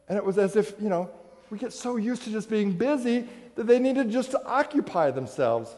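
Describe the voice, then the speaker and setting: A man's voice: sits high, moderate pace. A man preaching a sermon, telling stories with acted-out voices and rhetorical questions. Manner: animated storytelling, acts out voices, rhetorical questions. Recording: long hall reverb.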